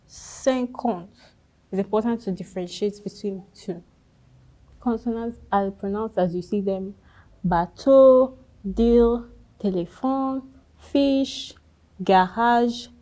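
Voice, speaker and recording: A woman's voice: medium pitch, dark tone, poor audio. A woman teaching French pronunciation, patiently spelling out letters and modelling each word. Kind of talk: slow instructional lesson.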